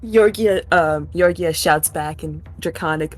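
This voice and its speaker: A woman player in a tabletop role-playing game, giggly and lively, voicing her cocky character. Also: low voice, moderate pace, breathy edge, faint music behind. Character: cocky young woman Yorgia.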